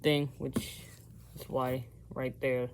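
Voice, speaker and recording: A man's voice: medium pitch, level tone, slow, clean tone. A man chatting casually through an outdoor how-to vlog, rambling and often correcting himself, recorded on a camera mic by a fire. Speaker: vlogger.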